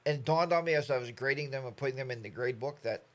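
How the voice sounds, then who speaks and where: A man's voice: medium pitch, fast talker, a bit bright. A middle-aged man from the United States hosting a casual live stream, rambling and chatty as he reads out viewer comments.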